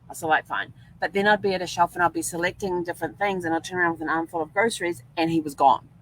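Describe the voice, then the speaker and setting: A woman's voice: lowish voice, steady tone, racing, a little hiss or hum, poor audio. An older woman hosting a podcast, telling rambling stories in a chatty way and laughing often. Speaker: podcast host. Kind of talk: casual storytelling monologue.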